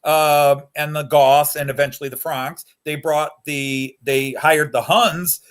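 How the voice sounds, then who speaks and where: A man's voice: a little high, fairly even intonation, unhurried. A man talking casually and at length on a hobby chat show, rambling and getting worked up over history.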